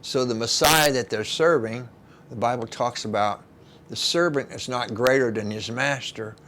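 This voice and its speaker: A man's voice: mid-range voice, normal speed, a bit bright, a little hiss or hum. A man leading an informal kitchen Bible study, retelling scripture in plain, folksy words with asides to his listeners.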